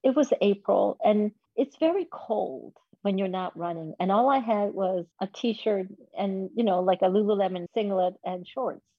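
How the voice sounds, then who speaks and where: A woman's voice: mid-range voice, moderate pace, hardly any pauses, breathy edge, no echo, highs cut off. A woman in her fifties telling a personal story in an interview, candid and self-deprecating. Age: 50s. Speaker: guest.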